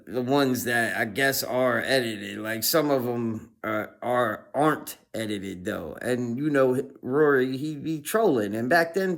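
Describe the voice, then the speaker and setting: A man's voice: medium pitch, a bit bright. A man hosting a casual reaction stream, laid-back, full of fillers. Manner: laid-back, lots of fillers like "you know what I mean".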